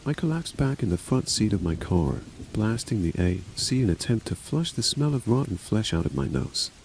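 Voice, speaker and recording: A man reads a horror story aloud in a dark, mellow voice with a lively, rising and falling delivery. He takes every part himself, pitching up a little for the frightened daughter. Faint rain patters behind him. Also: normal speed, gravelly, slight background noise, rough recording. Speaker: narrator. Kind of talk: scripted horror story narration.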